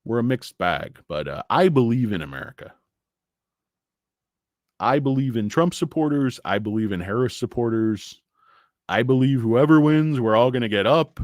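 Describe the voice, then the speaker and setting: A man's voice: mid-range voice, dry recording, clean studio sound. A man hosting a stock market show, talking casually with blunt, profane opinions and rambling asides full of fillers. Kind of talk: casual livestream rant.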